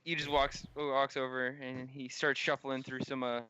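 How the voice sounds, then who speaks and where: A man narrating as game master of a tabletop game, halting with frequent restarts. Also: mid-range voice, flat delivery, sharp tone, smooth, muffled recording.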